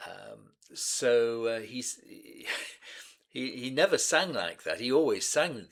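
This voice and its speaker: A man in his seventies hosting a music reaction channel, reminiscing in an unhurried, hesitant way with many pauses and restarts. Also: medium pitch, sing-song, gravelly, a bit bright. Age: 70s.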